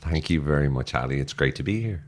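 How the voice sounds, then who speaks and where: A man's voice: a bass voice, lively intonation, fast talker. An Irish man, a podcast guest and author, chatting casually in a joking, self-deprecating way with many fillers. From Ireland. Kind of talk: casual interview chat.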